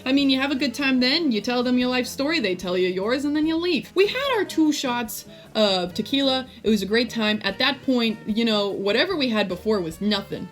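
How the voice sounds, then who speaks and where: A young American woman telling a casual storytime vlog, jokey and animated, acting out her friends in quotes. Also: fairly high pitch, a little fast, few pauses, faint music behind. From United States. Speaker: vlogger.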